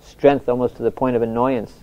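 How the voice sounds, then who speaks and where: A soft-spoken older man, a spiritual teacher telling anecdotes in a reflective talk, often restarting his sentences. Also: mid-range voice, little pitch movement, fairly quick. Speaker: spiritual teacher answering questions. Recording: dull lo-fi recording.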